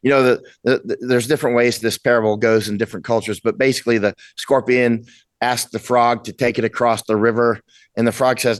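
A man's voice: mid-range voice, level tone, a little fast, dry recording. A man in his sixties, a guest in a casual interview, talking bluntly and emphatically at home. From United States. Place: at home with a cat.

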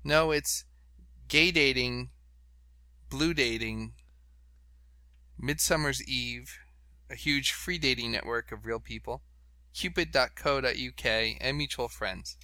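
A man's voice: medium pitch, takes it slowly, long pauses, sharp tone, dry recording. A man hosting a podcast in casual chat, reading out web pages and laughing along. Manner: chatty, reads out web pages, laughs often. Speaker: podcast host.

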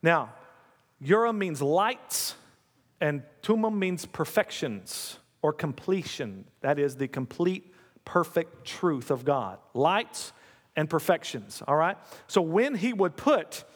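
Guy preaching in a church, high voice, chatty, keeps repeating the big lines, reverb trailing off. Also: sing-song, takes it slowly. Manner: conversational, coaxing the audience, repeats key lines. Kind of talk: sermon.

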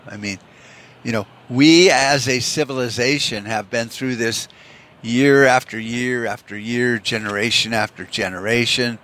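Podcast host, man, bright edgy tone, rambling profane rant. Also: mid-range voice, measured pace. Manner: profane, ranting, heavy use of "you know". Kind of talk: rambling solo monologue.

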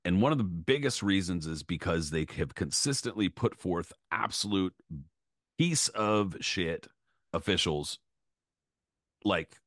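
Low-voiced young male podcast co-host, blunt and sweary, dead-dry recording. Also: a bit bright, dry recording. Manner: profane ranting, says bro and dude. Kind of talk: casual podcast chat.

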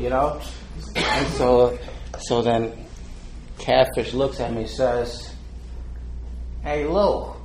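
A man's voice: a little high, a little mellow, a little hiss or hum. An older man being interviewed, telling stories in a heartfelt, rambling way with many fillers and frequent laughter. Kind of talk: casual storytelling. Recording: roomy with faint background ambience.

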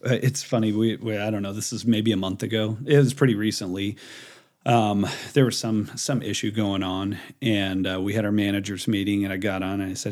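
A man's voice: lowish voice, fairly even intonation, moderate pace, a little mellow. A man in his forties, a business owner, talking casually as a podcast guest, with a loose story-telling style full of restarts. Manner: rambling storyteller with many fillers and restarts. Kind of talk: casual interview talk.

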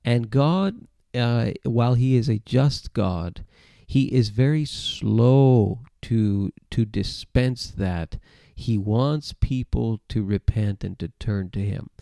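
Male preacher, gravelly and mellow, conversational sermon delivery with restarts, dry close sound. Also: mid-range voice, slow, no room sound. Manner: conversational, repeats words and restarts. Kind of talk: sermon-style Bible teaching to camera. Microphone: camera mic, close.

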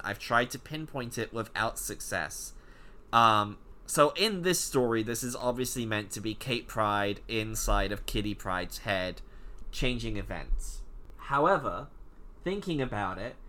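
Bright-voiced animated male podcast co-host. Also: mid-range voice. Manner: animated, jokey, many "like" fillers. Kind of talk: casual comic-book podcast chat.

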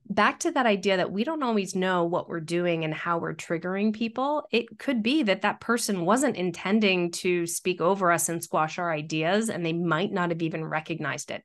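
Middle-aged woman with a lower voice, consultant giving speaking tips as a podcast guest. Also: moderate pace, hardly any pauses. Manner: explanatory, coaching tone with practical tips. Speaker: guest, workplace communication consultant. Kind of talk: podcast interview.

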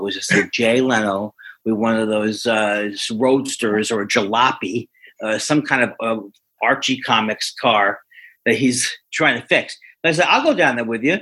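A comedian, a man, telling a rambling, self-deprecating story with many halting restarts. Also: lowish voice, fairly bright tone, husky. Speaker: stand-up comedian, guest. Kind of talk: anecdotal storytelling.

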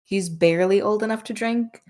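A woman narrating a tabletop game as game master, in a relaxed, casual way. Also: medium pitch, moderate pace.

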